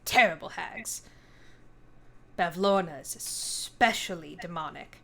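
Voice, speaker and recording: A woman's voice: measured pace, creaky, sharp tone, full character voice. A woman doing a weepy, gushing fairy dragon knight. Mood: worried. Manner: tearful, gushing, high-pitched.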